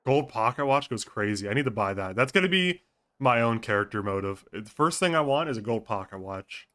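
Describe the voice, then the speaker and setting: A man's voice: mid-range voice, lively intonation, brisk, a bit bright. Casual, swearing male streamer. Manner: chatty, swears freely, thinks aloud. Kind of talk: casual out-of-character chat with viewers.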